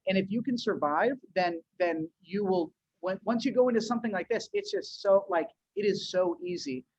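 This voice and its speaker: In a high voice with a darkish, breathy edge, this New England man speaks at normal speed as a podcast guest, an agency owner chatting loosely in slang, saying "dude" and restarting his sentences. The recording is dull, dry lo-fi.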